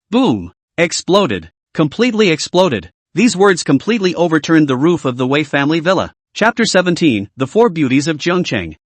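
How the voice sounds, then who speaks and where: A man's voice: fairly high pitch, sing-song, normal speed, few pauses, no echo. A man reading a scripted comic story recap with dramatic, clipped exclamations. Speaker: narrator.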